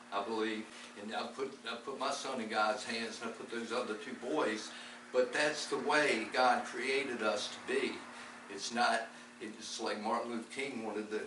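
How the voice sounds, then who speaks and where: A man gives a heartfelt, rambling testimony in a church setting, stumbling over repeated words as he goes. He is recorded from a distance in an echoing room. Steady background noise runs under his voice. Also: medium pitch. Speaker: lay preacher. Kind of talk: testimony-style faith talk.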